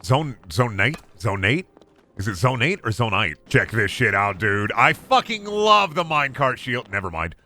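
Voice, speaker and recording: A young man giving casual, excitable play-by-play on a game stream, swearing freely and chatting to himself and his viewers. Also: mid-range voice, moderate pace, few pauses, background noise. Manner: excitable, swears a lot, talks to himself and chat. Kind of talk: casual gameplay commentary.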